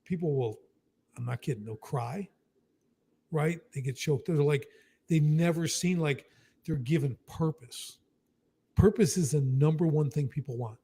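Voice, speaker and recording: Husky man coaching on business. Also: on the high side, dark tone. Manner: emphatic, keeps adding "right?", acts out quick dialogue. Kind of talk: casual explanatory talk.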